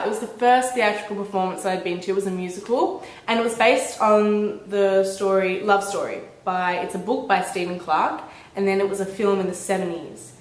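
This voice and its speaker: A woman in her twenties chatting casually to her camera at home, telling a story with lively, bubbly energy. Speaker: vlogger. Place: indoors at home, a small room. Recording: echoey room with faint rumble.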